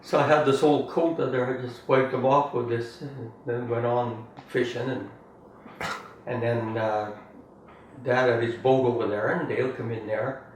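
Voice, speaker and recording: A man's voice: medium pitch, flat delivery, a little slow. Older man, chuckling storyteller, roomy sound. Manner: rambling, chuckling, ends phrases with "eh?". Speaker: family storyteller. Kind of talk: casual reminiscing. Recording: roomy, distant mic, faint room noise.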